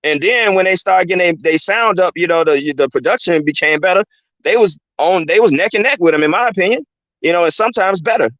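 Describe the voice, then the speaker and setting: A man's voice: sits high, fairly quick, fairly bright tone, no echo. Man, host, loose casual monologue, dry close sound, dull lo-fi. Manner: loose and conversational, keeps saying "you know what I'm saying".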